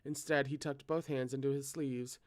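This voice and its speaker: A man's voice: mid-range voice, normal speed. Man reading a novel aloud. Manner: steady, occasional self-corrections. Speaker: reader.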